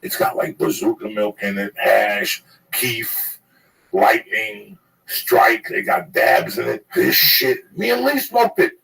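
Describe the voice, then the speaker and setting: A man's voice: medium pitch, wildly swooping pitch, takes it slowly, vocal fry, fairly bright tone, recorded from a distance, low-quality recording. A man telling a rambling, profane story in casual chat, laughing at his own tale.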